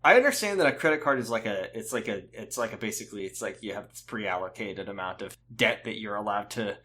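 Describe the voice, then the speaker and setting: A man's voice: fairly low pitch, animated, quick pace, pushed and bright, slightly rough. A man co-hosting a podcast in casual chat, joking and rambling and swearing freely. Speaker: podcast co-host.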